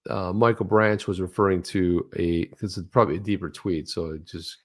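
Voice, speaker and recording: A man co-hosting a casual livestream chat, animated, telling stories and reading tweets aloud. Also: deep voice, moderate pace. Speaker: co-host of a crypto news livestream.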